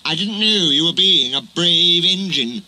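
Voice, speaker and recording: A man's voice: fairly high pitch, lively intonation, a little slow, exaggerated voice, poor audio. A man voicing a cross, fussy male barber who grumbles. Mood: sheepish. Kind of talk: storybook reading. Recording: loud music underneath.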